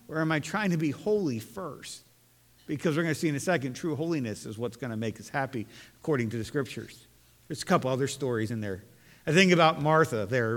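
A man's voice: a little high, fairly bright tone. Earnest man preaching in an echoing hall. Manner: earnest, conversational preaching with frequent restarts. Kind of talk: sermon. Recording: long hall reverb.

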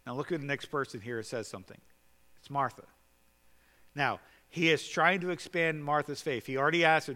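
Earnest preacher with a high, bright voice. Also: male voice, fairly quick, in a large hall. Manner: earnest, swings between loud exhortation and quiet questioning. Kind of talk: sermon.

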